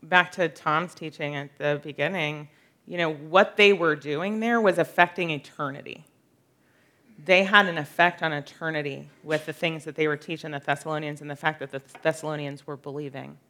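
Woman Bible-study teacher, lowish but bright tone, earnest and chatty, reads verses aloud. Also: steady tone, moderate pace. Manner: earnest, conversational, many fillers, laughs often.

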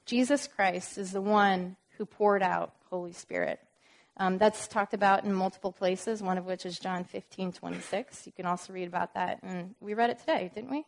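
A woman's voice: medium pitch, fairly even intonation, normal speed, gravelly. A woman giving an informal Bible teaching, reading verses aloud with emphasis and explaining them with casual, conversational asides. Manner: reads scripture aloud with emphasis.

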